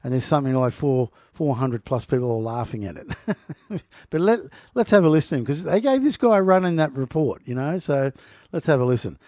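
Sarcastic man, mellow dry voice. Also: medium pitch, very animated, a little fast, no echo. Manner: mocking, laughs often, addresses listeners as people. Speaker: commentator reading news. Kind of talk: sarcastic commentary on news.

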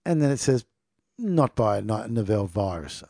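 Mellow-voiced sarcastic man. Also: lowish voice, very animated, moderate pace, gravelly, dry recording, studio quality. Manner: sarcastic, laughs often, stumbles over hard words. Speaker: vlogger commenting on news. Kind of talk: casual commentary reading news aloud.

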